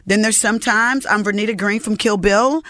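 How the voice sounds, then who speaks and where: A woman's voice: medium pitch, fairly quick, fairly bright tone, dry recording, studio quality. A middle-aged woman chatting as a podcast guest, effusive and grateful in her talk. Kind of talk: casual chat.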